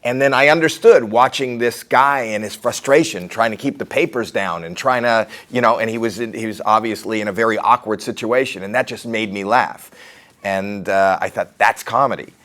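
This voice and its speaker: A man's voice: lowish voice, normal speed, a bit bright. A middle-aged man with a Canadian accent, talking through his comedy career in a candid, rambling, self-deprecating interview.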